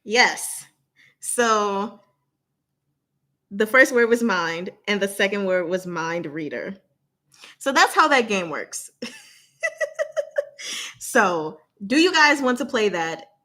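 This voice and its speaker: A young woman hosting a casual livestream, chatting with viewers, speaking slowly and deliberately and laughing often. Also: medium pitch, expressive, pushed and bright. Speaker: channel host.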